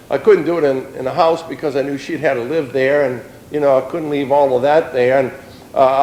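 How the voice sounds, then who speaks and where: A man's voice: medium pitch, a little mellow, reverberant, a little hiss or hum, poor audio. A middle-aged man, giving a plain-spoken personal testimony in an earnest storytelling way.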